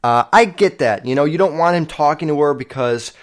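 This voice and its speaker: A man's voice: fairly high pitch, lively intonation, brisk. Profane, rambling young podcast host, a man. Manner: loose and profane, heavy use of "like". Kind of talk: casual storytelling monologue.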